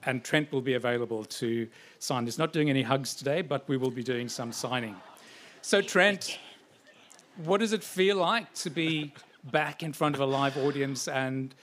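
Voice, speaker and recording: A man's voice: mid-range voice, moderate pace, a bit bright. Man hosting a live talk. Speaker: interviewer and event host. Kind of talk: live on-stage interview. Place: stage before a live audience.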